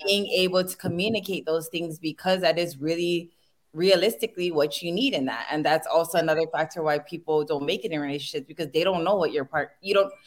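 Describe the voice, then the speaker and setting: Low-voiced earnest woman. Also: a little fast. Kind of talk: casual chat.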